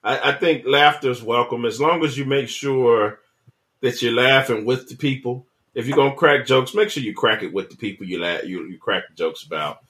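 A man's voice: medium pitch, moderate pace, a bit bright. A man co-hosting a casual chat, telling a childhood story in an easygoing, drawling way with frequent restarts. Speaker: podcast co-host.

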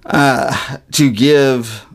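A man's voice: mid-range voice, vocal fry. A man talks through a TV episode on his podcast. He rambles along with a middling voice, stopping to restart his thoughts and filling the gaps with "uh" and "like.". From Southern US. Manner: rambling, halting with many fillers. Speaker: podcast co-host. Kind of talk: casual TV recap chat.

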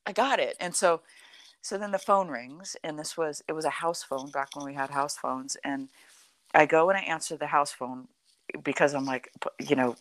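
A middle-aged woman telling a personal story in a conversation, animated and full of "like" and "you know". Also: low voice, dry recording. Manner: animated, acts out quoted dialogue, frequent "like" and "you know".

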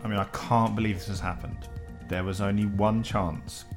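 A man's voice: lowish voice, steady tone, moderate pace, music in the background. A man hosting a quiz, announcing whose turn it is and revealing answers. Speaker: quizmaster.

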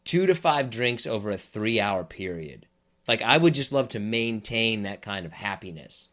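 A man co-hosting a podcast in casual chat, telling stories with dry, deadpan jokes. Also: on the low side, normal speed. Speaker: podcast co-host.

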